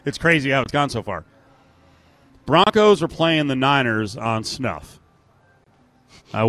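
A man co-hosting a sports talk show in a casual back-and-forth. His voice sits at an ordinary middle pitch. He talks in an animated way and drops into quoted voices. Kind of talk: casual sports radio chat.

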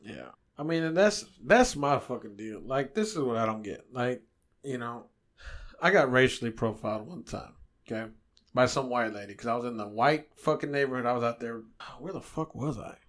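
A man's voice: mid-range voice, normal speed. A man, co-hosting a podcast and telling stories in casual, profane chat. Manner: animated storytelling, swears a lot.

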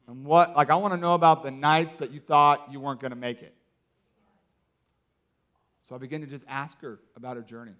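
A man delivers a sermon as a lively story. His voice sits high for a man, and he talks casually with lots of fillers. He acts out the people in his story with sudden loud bursts. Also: normal speed. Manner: animated, acts out quotes with loud outbursts. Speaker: preacher.

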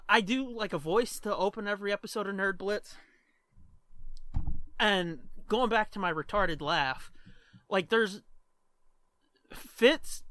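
A man's voice: high-pitched, bright, forceful tone, dry recording. A man hosting a podcast in casual chat, loose and profane, laughing often. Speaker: podcast host.

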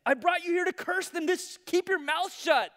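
Exasperated ancient king, shrill and pushy, high-pitched; a preacher puts him on. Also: normal speed. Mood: frantic. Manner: shrill, pleading, rising to near shouts. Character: exasperated male king, demanding and frantic.

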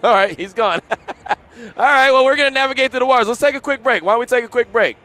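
A man's voice: very high voice, quick pace, sharp tone. A man hosting live sports radio outdoors at a stadium, upbeat and full of hype, repeating phrases. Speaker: radio host.

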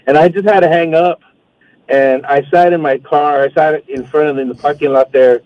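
A man's voice: a little high, brisk, dry recording. A man calling in to a sports radio show, telling a story casually and acting out the voices. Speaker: caller. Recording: dull phone-line sound.

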